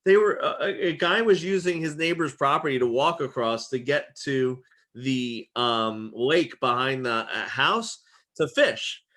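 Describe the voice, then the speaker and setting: A man teaching a casual real estate exam lesson, chatty and full of fillers like "okay", his voice getting worn and hoarse. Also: medium pitch, a little slow, bright, forceful tone. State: losing his voice.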